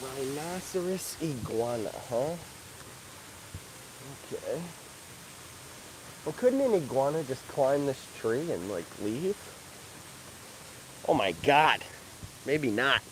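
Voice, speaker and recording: A man livestreaming outdoors at an animal park, chatting excitedly and calling out to the animals. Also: medium pitch, slow pace, pauses often, slight background noise, poor audio. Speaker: livestream vlogger. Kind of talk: casual livestream chat.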